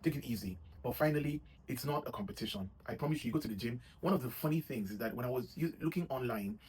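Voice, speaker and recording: Fast-talking man rambling with frequent asides. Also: mid-range voice, animated, darkish tone, breathy edge, rough recording. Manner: rambling, full of "you know what I mean" asides. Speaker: vlogger giving gym advice. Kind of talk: casual motivational talk to camera.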